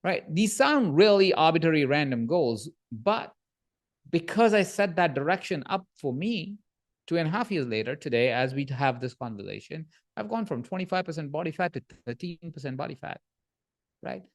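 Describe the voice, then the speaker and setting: A man guesting on a podcast, telling animated stories about coaching and often checking in with a quick "right?". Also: a little high. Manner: animated storyteller, frequent "right?" tag questions. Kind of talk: podcast interview conversation.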